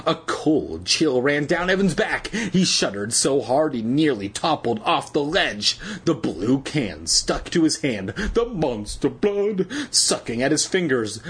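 A man with a very husky, raspy voice reads a children's story aloud. His delivery is lively, moving freely up and down in pitch. He tosses in irreverent, crude jokes between the lines. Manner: irreverent, crude jokey asides. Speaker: reader. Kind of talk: comedic storybook read-aloud.

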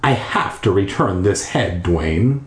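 A man voicing a calm, cold ghost boy, speaking slowly in an echoey bathroom. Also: fairly low pitch, pitched below the performer's own voice, exaggerated voice.

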